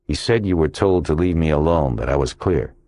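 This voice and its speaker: A man's voice: a bass voice, brisk, mellow, dry recording. A male audiobook narrator voicing a tight-lipped male police detective who keeps his cool and speaks in a clipped, restrained way. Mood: guarded.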